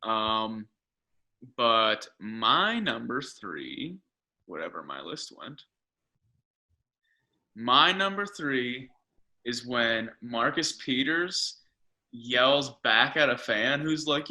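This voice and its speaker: A man hosts a casual football podcast with a very bright, forceful tone. He talks loosely, swears freely and laughs between stories. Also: mid-range voice, expressive, measured pace. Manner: laid-back, swears freely, laughs often. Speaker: podcast host. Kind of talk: casual chat.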